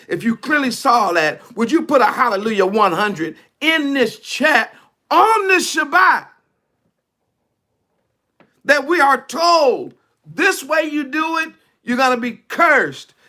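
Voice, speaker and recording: A man's voice: very high voice, sing-song, takes it slowly, bright, forceful tone. A male preacher giving a fiery, colloquial online sermon, reading scripture and preaching it.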